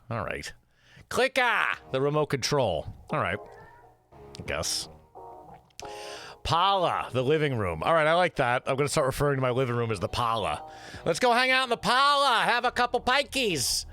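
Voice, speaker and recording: A young man hosting a casual food show, rambling and swearing freely as he reads out a list. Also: pushed and bright. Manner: rambling, loose and profane, big jumps in pitch on words read out. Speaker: host. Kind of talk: casual chat.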